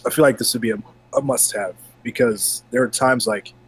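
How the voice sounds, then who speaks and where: A man co-hosting a casual gaming podcast, talking in a relaxed, chatty way while bothered by hiccups. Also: medium pitch, fairly quick, husky, poor audio. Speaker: podcast co-host.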